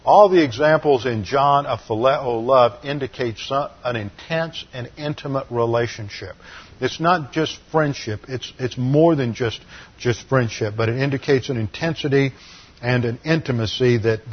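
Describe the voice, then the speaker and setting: A man's voice: medium pitch, normal speed, breathy edge, highs cut off. A man teaching a sermon lecture on scripture, explaining word meanings methodically and often restarting his sentences. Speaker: Bible teacher.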